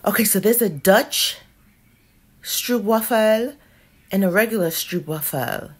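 A woman reviewing candles in a casual vlog, slangy and dramatic, cussing and swinging from mutters to loud outbursts. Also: medium pitch, lively intonation, slow, slightly rough.

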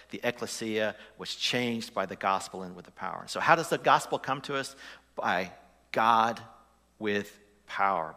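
A man's voice: fairly low pitch, pushed and bright, long reverb tail. A man preaching a sermon as pastor, conversational and putting questions to the congregation. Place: church sanctuary.

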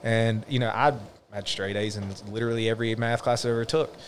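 A man's voice: mid-range voice, steady tone. A male podcast host muses earnestly in an easy conversational tone. His voice sits in a middle register, with a faint hiss of noise underneath. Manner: reflective, earnest, drawn-out musing.

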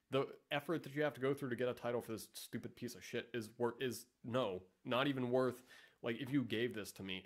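A man giving sarcastic, profane, rambling casual commentary as the host of a vlog. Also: mid-range voice. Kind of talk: casual commentary reading ads.

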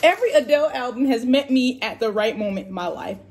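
A woman's voice: on the high side, lively intonation, fast talker, darkish tone, a little hiss or hum. A young woman vlogging in a casual, frank way, swearing freely and talking about being tired and crampy. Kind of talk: casual vlog chat. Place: in a car, then at home.

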